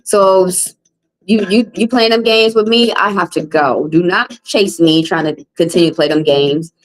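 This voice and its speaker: A woman's voice: fairly low pitch, fairly even intonation, moderate pace, poor audio. Blunt woman chatting with her viewers. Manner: blunt, casual, profane, talks straight to chat. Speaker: tarot reader. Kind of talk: live-stream chat with viewers.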